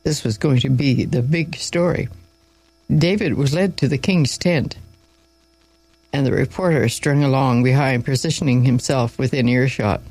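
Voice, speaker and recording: A man's voice: medium pitch, moderate pace, darkish tone, no room sound, poor audio. A man reading a Bible story aloud in an informal way, with small slips and asides along the way.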